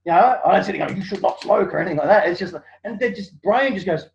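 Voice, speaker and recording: Male guest, high voice, chatty and animated, lo-fi recording. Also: fast, vocal fry. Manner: animated storyteller, acts out quotes, many fillers. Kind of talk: casual interview chat. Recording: dull lo-fi sound.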